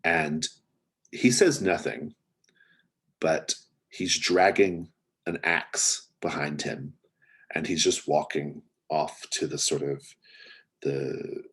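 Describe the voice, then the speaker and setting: A man running a tabletop mystery game as game master, with a very deep, husky voice. He narrates in a relaxed, hesitant way, leaning on fillers as he goes. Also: slow, long pauses.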